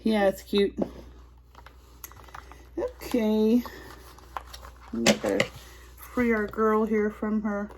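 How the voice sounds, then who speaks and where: Slow-talking giggly woman vlogger. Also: mid-range voice, flat delivery, noisy background. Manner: chatty, giggly, rambling. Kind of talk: casual toy unboxing chat.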